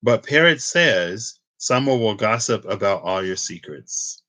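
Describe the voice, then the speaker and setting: A man's voice: fairly low pitch, expressive, measured pace, bright, forceful tone, poor audio. A man in his twenties giving a casual tarot reading, chatty and rambling off into tangents. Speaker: tarot reader.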